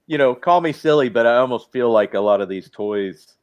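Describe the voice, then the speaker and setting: A man talking as a livestream guest, animated and quoting himself and his toys in little voices. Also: medium pitch, fairly quick, clear, resonant tone, muffled recording. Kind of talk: casual livestream chat.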